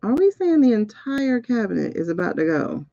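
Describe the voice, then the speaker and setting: A woman hosting a casual spiritual reading, excitable and talking straight to her viewers. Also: on the high side, moderate pace, creaky, no echo, lo-fi sound. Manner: excitable, keeps repeating "hold on". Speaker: spiritual reader and host. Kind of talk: casual livestream card reading.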